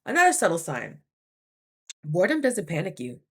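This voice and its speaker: Chatty, animated woman vlogger. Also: on the low side, normal speed, slightly rough. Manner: chatty, animated, acts out her own thoughts. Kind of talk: casual talking-to-camera vlog.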